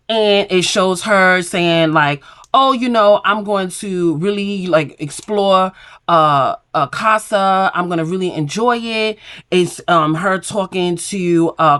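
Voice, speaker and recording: A woman's voice: mid-range voice, a bit bright. A woman hosting a reality TV recap, retelling scenes in a casual, opinionated way and acting out the quoted lines.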